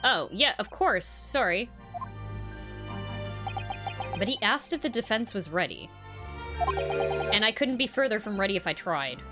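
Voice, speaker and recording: A woman's voice: mid-range voice, lively intonation, measured pace, long pauses, over loud music, voice pushed down, natural voice. A woman voicing a nervous young male defense lawyer in a video game, sounding flustered and unsure.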